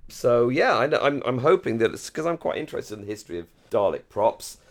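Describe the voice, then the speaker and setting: A man's voice: mid-range voice, animated, fairly quick, vocal fry. An English man with a received pronunciation accent, chatting enthusiastically as a podcast co-host, with fillers and restarts. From England, Surrey-Hampshire border. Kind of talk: casual chat.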